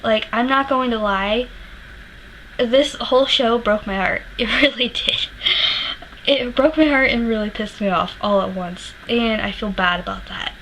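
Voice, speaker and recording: A woman's voice: a little high, measured pace, background noise. A young woman telling a concert story in a casual vlog, candid and rambling, swearing freely and laughing often. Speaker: music vlogger.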